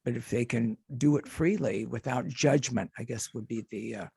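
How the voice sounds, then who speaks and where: A male radio host with a gravelly, husky voice, talking loosely and backtracking often. The sound is close and dry, with no room around it. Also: medium pitch, normal speed, a little mellow, no echo. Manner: rambling, with frequent restarts. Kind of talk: casual interview chat.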